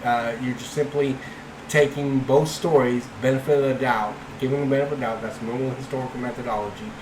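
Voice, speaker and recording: A man hosting an apologetics channel, giving casual commentary in a halting way with many fillers and restarts. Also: medium pitch, fairly even intonation, reverberant, noisy background.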